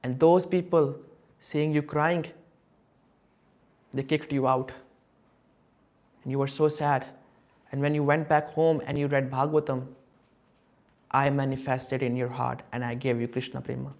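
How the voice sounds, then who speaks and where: A benevolent divine figure who sounds generous and a little playful, offering gifts in a plain, steady voice, as a man narrating the story takes him on. The voice stays close to the narrator's own. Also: mid-range voice, a little slow, pauses often, close to an everyday voice.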